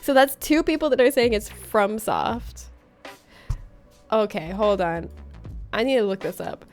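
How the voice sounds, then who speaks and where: A livestreamer from Florida plays a game and chats casually with viewers, reading chat aloud in a playful way and laughing often. Her medium-pitched voice keeps a measured pace, with faint music in the background.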